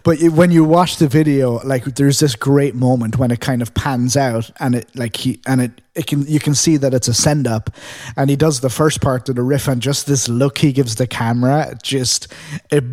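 A man co-hosts a laid-back podcast, rambling through stories and breaking into hummed riffs and sung lines. His voice is mid-pitched and the sound is dry and close. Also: normal speed, hardly any pauses, no echo. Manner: animated storyteller, hums and sings riffs; rambling with many fillers. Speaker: podcast co-host. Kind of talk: casual chat.

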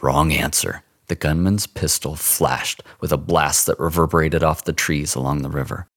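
A man narrating a first-person story in an expressive, dramatic audiobook style. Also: very deep voice, moderate pace, dry recording, clean studio sound.

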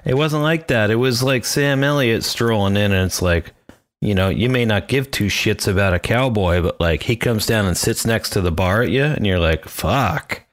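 Low-voiced joking podcast man. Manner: profane, jokey banter. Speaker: podcast co-host. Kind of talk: casual chat.

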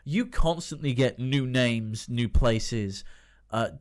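Laughing, chatty trivia host man. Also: medium pitch. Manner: chatty, laughs between phrases; newsreader background, measured delivery. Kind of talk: casual podcast chat.

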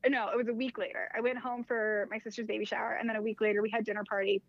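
Animated woman telling a story, dull lo-fi. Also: on the high side, racing, dry recording. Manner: animated, acts out quoted dialogue, heavy use of "like". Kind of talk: casual storytelling chat. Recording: dull lo-fi dry sound.

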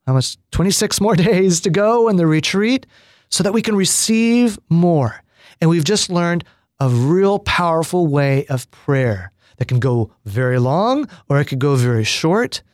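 Priest talking slow and thoughtful about prayer, kinda high voice, dry close sound. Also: male voice, no echo. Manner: unhurried, reflective, with frequent pauses and fillers. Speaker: priest giving a retreat teaching. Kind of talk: spoken retreat teaching on prayer.

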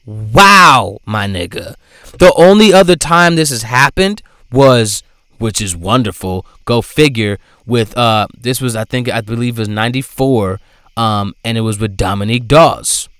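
A man giving casual commentary in a profane, animated way, swinging between loud outbursts and low asides. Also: clear, resonant tone, dry recording. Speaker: vlogger.

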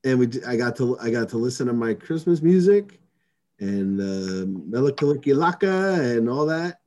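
A man's voice: mid-range voice, sing-song, normal speed, a little mellow. A man in casual chat, rambling about his family and laughing easily.

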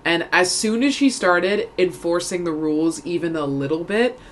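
Young female co-host, lowish pitch, blunt storyteller, slight background noise. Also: moderate pace. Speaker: podcast co-host. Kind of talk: casual chat.

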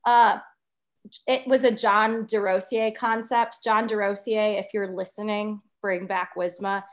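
A woman's voice: medium pitch, little pitch movement, a little slow. Young woman, teasing guest who laughs easily, mid-range voice. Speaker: podcast co-host, guest. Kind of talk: casual radio chat.

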